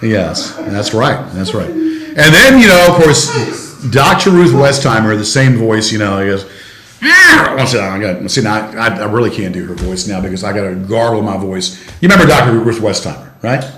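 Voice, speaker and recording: A man's voice: on the low side, animated, normal speed, fairly bright tone, reverberant, slight background noise. An older man hosting a bawdy comedy talk show, rambling and chuckling with crude jokes. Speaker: host.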